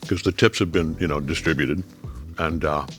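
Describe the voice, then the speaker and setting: Older man, 70s, very low voice, easygoing raconteur, soft music bed. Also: moderate pace. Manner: relaxed storytelling, drops low and quiet on reflective moments. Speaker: guest. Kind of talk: casual chat over a meal.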